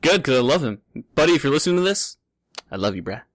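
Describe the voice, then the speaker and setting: A man's voice: medium pitch, very animated, quick pace, dry recording, clean studio sound. A man co-hosting a casual podcast chat with friends, joking and teasing and laughing often. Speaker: podcast co-host.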